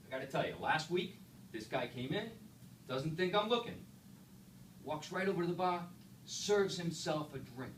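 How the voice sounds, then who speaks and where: A man voicing a hot-tempered middle-aged pizzeria owner with a New York accent, loud and stubborn, repeating himself. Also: a little high, lively intonation, moderate pace, pauses often, pitched above the performer's own voice, lightly acted. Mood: indignant. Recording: echoey room, far mic, background noise.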